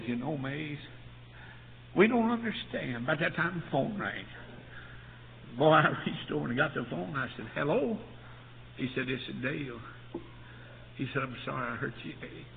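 A man's voice: mid-range voice, creaky. An older man preaching a revival sermon, telling a personal story and then building to an impassioned call to come forward. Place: church service. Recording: tinny phone-like hall recording with faint noise.

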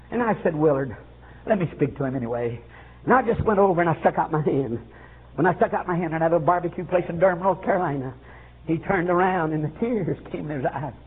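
A man preaching a revival sermon, fervent and swooping, with frequent "uh"s and bursts of shouting. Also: high-pitched. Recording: tinny phone-like old recording with faint hiss.

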